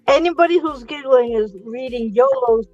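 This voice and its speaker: A woman's voice: high-pitched, normal speed, darkish tone, highs cut off, faint music behind. A woman making short dry comments as a live stream guest. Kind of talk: casual chat.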